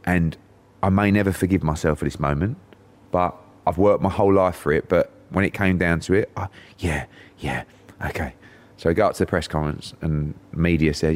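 Deep-voiced man telling a story. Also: brisk. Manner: animated storyteller, acts out other voices. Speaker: podcast guest, boxing promoter. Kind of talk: anecdotal storytelling.

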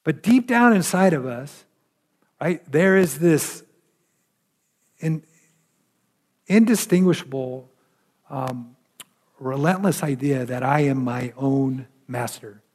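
A man's voice: mid-range voice, slow pace, long pauses, darkish tone. A man pastor preaching a sermon in a conversational way, with frequent "right?" asides and emphatic rises.

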